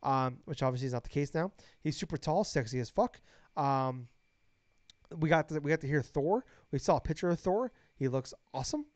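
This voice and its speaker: A young man co-hosting a casual podcast, gushing and excitable, swearing freely. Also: a little high, brisk, dry recording. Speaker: podcast co-host. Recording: dry, dull lo-fi podcast mic.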